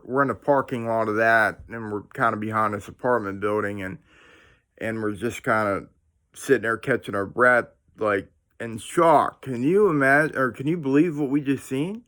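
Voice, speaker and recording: A man of middle pitch tells a story straight to his viewers, casual and excitable. He rambles, restarts his sentences and throws in plenty of slang as he goes. He is talking at home. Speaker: paranormal storyteller, channel host. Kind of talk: casual first-person storytelling to camera. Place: indoors at home.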